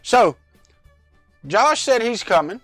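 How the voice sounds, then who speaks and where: A middle-aged man with a high, light voice chats loosely on a home livestream, wandering off topic and calling out viewers by name. His voice is close and dry on a clip-on mic, with faint music underneath. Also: big pitch swings, takes it slowly, fairly bright tone, dry recording. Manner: rambling, chatty, greets viewers by name. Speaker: livestream host. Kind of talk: casual live-chat vlog. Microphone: lavalier mic.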